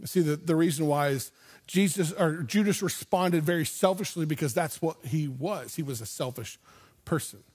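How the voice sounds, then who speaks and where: A man's voice: fairly high pitch, normal speed, a little mellow, slightly rough. A man preaching a sermon in church as pastor, telling the story with animation and acting out imagined voices. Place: church sanctuary.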